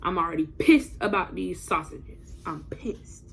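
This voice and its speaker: A woman's voice: on the low side, measured pace, vocal fry, slight background noise. A young woman telling a personal story to her viewers in a casual vlog, blunt and profane, talking straight to camera.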